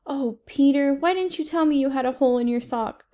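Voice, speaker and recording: A woman's voice: high voice, brisk, mellow, natural voice. A woman reading as a fussy, fretful mother. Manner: fretful, insistent.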